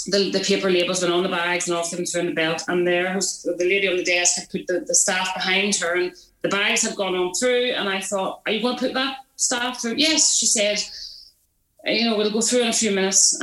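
A woman from Belfast with a Northern Irish accent, telling stories in a chatty, animated way, acting out what people said. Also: medium pitch, echoey room, rough recording. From Belfast, Northern Ireland. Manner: chatty, animated, lots of restarts and acted-out quotes. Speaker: guest. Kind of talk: casual storytelling.

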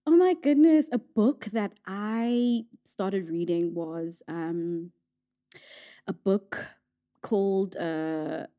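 A woman's voice: medium pitch, extremely slow, warm tone. A young woman, a singer-songwriter from South Africa, chatting in an interview, laughing often and searching for her words. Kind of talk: casual interview chat.

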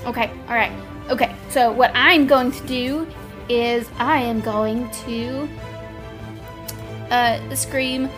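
High-voiced woman rambling through her turn. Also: steady tone, slow pace, pauses often, music in the background. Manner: rambling, hesitant. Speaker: player. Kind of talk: casual chat.

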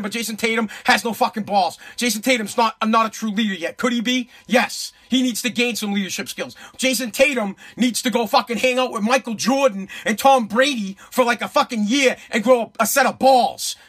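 A man rants on sports radio, swearing and hammering the same points again and again. His voice sits high and sounds bright and forceful. A husky grain runs through it. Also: fairly quick, hardly any pauses. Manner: profane, emphatic, repetitive ranting. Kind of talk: heated sports commentary rant.

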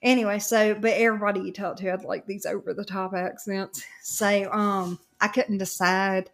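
A woman with a Southern US accent co-hosts a podcast, telling a long, animated story in casual conversation. Her mid-range voice moves at normal speed, full of fillers and frequent laughter.

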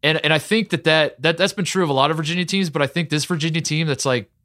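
A man talking casually about college basketball as a podcast co-host, excitable and rambling with many fillers. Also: a little high, quick pace, no room sound, studio quality. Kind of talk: casual sports talk.

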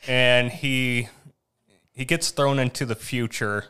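A man who is a guest on a podcast, chatting casually with dry, deadpan jokes. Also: mid-range voice, unhurried, clear, resonant tone. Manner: dry, self-deprecating humor. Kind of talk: casual chat.

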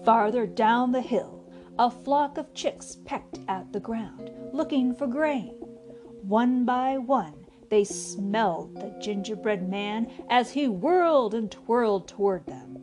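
A woman hosting a children's podcast, reading a storybook aloud in a cheerful, animated way. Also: on the high side, takes it slowly, over music.

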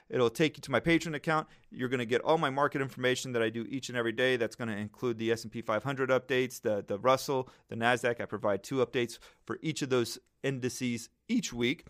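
A man's voice: medium pitch, a bit bright. A man hosting a podcast, chatting casually and rambling cheerfully while giving trading advice to listeners.

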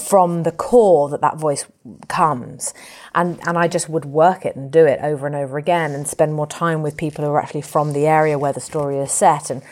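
A woman from England, speaking as an actor in an interview in a lively, colourful, animated way. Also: deep voice. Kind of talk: reflective conversational interview.

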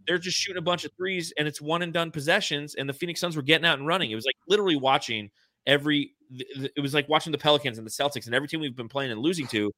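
A man hosting a podcast, talking fast with stammering restarts and casual swearing. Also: a little high, bright, forceful tone, dry recording. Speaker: podcast host. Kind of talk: casual basketball chat.

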